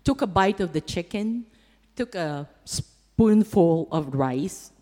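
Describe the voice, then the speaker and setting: A woman's voice: lowish voice, lively intonation, slow pace, mellow. Heartfelt woman speaking in echoing hall. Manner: heartfelt, emotional storytelling. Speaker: church mission speaker. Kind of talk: church testimony with slides.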